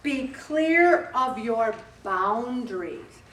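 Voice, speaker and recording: An older woman with a slightly high voice gives a chatty, direct talk to a group and acts out bits of dialogue. She is picked up from a distance in a roomy space. A faint hum sits behind her. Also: lively intonation, extremely slow, fairly bright tone. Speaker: group leader speaking to a weight loss group. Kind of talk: casual motivational talk.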